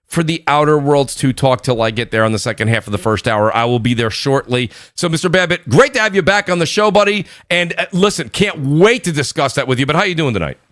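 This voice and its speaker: Loud fast-talking New York man. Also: a little high, expressive, no echo, clean studio sound. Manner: loud, hyped shout-outs. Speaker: podcast host. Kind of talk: live gaming podcast chat.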